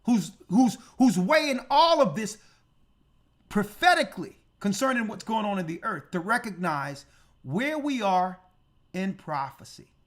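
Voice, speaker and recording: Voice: mid-range voice, very animated, unhurried. A church elder preaching on prophecy, emphatic and full of rhetorical questions. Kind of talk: prophecy teaching sermon.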